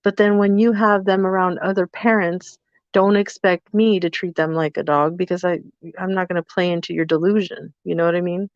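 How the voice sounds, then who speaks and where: In a dull, dry lo-fi recording with no room sound, a woman co-hosting a podcast shares a story casually, playing both parts of the dialogue. Her pitch is fairly low, her tone steady, her delivery a little fast.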